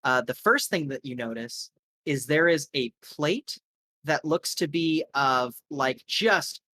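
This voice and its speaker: A man's voice: on the high side, pushed and bright, no echo. A man narrating a tabletop game as game master, rambling casually with lots of fillers.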